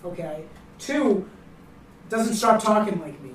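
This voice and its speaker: A young man with a Boston accent co-hosts a casual chat podcast, telling stories packed with fillers. His voice is high-pitched and expressive, and he speaks slowly. The recording has a roomy echo, a distant mic, and faint noise.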